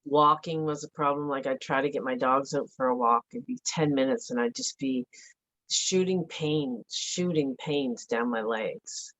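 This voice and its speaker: A middle-aged woman giving a halting, emotional personal account as an interview guest, with many fillers and restarts. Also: very deep voice, a bit bright, poor audio. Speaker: interview guest, bereaved mother.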